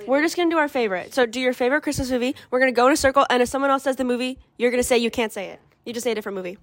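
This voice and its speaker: A woman's voice: a little high, racing. A woman co-hosting a casual podcast chat, leading the group and explaining the game. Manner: leads the group, gives instructions. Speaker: podcast co-host. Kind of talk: casual chat among friends.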